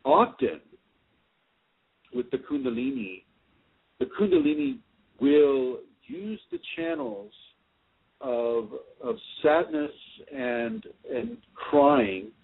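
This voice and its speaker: Male spiritual radio host, gravelly, lively pitch, patient reassuring tone, phone-line sound. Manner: slow, repetitive, soothing reassurance with many restarts. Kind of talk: radio call-in spiritual advice.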